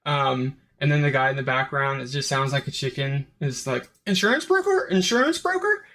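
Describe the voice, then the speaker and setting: A man's voice: mid-range voice, completely flat delivery, moderate pace, a bit bright. Rambling man reviewing a cartoon episode. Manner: rambling, full of "like" and "um" fillers. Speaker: host of a review channel. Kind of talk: casual unscripted review monologue.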